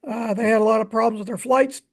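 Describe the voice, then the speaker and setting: A man's voice: high-pitched, fairly even intonation, quick pace. A man co-hosting a podcast, chatting in an easygoing, informative way. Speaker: podcast co-host. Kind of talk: casual chat.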